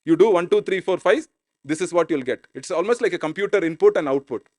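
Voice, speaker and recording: A man's voice: high voice, expressive, fast, darkish tone, dry recording. A man preaching a sermon as pastor in an informal, conversational way. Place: church.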